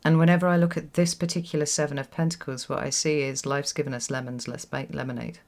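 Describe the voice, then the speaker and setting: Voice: medium pitch, little pitch movement, quick pace, gravelly. A tarot reader giving a solo reading to camera in a reflective way, often repeating words for emphasis and checking in with "right?". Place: home with children nearby.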